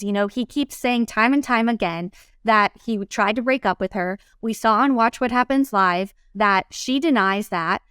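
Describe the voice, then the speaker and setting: A woman chatting through a TV recap with emphatic, conversational talk. Her voice is smooth and clear, and it is recorded close and dry. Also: a little high, normal speed, a bit bright, dry recording. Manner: conversational, emphatic, talks with plenty of likes. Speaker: recap co-host. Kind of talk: casual recap chat.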